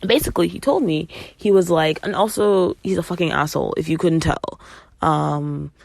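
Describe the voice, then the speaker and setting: A young woman with a fairly low voice tells a story on her podcast in a casual, emphatic way. She swears freely and acts out what people said. The sound is dry, with no room echo. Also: moderate pace, creaky, a little mellow. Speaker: podcast host.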